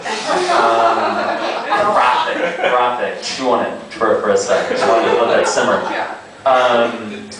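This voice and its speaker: A young man doing a stand-up set, rambling and halting with lots of fillers and self-aware asides. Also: medium pitch, fairly even intonation. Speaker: stand-up comic. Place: small comedy club. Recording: echoey club, distant mic, audible noise.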